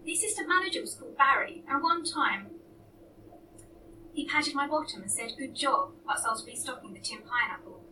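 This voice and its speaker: A woman's voice: high voice, animated, brisk, recorded from a distance, background noise. A woman reading a story aloud as narrator, in a dry, understated way. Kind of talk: audiobook reading.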